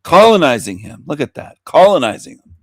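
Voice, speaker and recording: Very animated and a little fast, a slightly high-voiced man taunts and brags through a provocative monologue on his internet talk show, cracking himself up. The studio-quality recording has no room sound.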